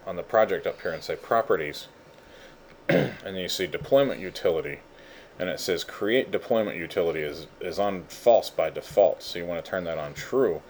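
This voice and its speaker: Low voiced guy doing a loose late night tech tutorial, rambly, lots of uhs, faint hiss behind. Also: moderate pace, a little mellow. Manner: goofy and rambling, lots of fillers and laughs. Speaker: instructor. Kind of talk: casual screen-share tutorial.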